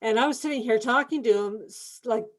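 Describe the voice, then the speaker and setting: A woman's voice: on the high side, fairly quick, low-quality recording. A woman real estate agent on a video call, telling an earnest personal story in a training session. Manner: earnest storytelling, emotional at times. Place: home office.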